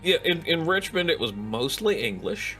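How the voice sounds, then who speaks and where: A man's voice: a little high, very animated, normal speed, sharp tone, soft background music. A man with a Midwestern American accent, chatting as a guest on a casual podcast in a rambling, hesitant way. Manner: rambling, hesitant, with many restarts. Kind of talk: casual chat.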